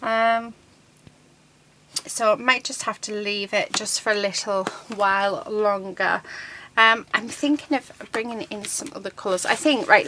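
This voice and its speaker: A woman's voice: medium pitch, noisy background. A middle-aged woman chats casually while she crafts at her desk at home. She rambles and fills her talk with ums. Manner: chatty, rambling, many ums. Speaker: crafting channel host.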